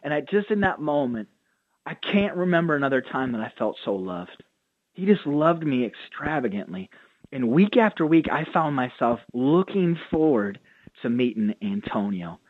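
A man's voice: medium pitch, big pitch swings, moderate pace, dry recording. A man, a pastor and author, telling stories earnestly as a radio interview guest. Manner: earnest storytelling, acts out quotes. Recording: tinny phone line, dry.

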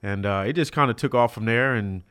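Middle-aged man, a former college athlete, a guest storyteller from South Central LA. Mid-pitched, chatty, acts out the quotes. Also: brisk, clean tone. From South Central Los Angeles. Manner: animated, acts out quoted dialogue, many fillers like "you know". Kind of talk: storytelling in a casual interview.

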